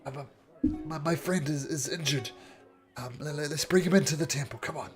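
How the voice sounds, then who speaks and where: A man voicing a wounded male drow who stammers his thanks in a high, breathless voice. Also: a little fast, faint music behind, lightly acted. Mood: shaken thanks.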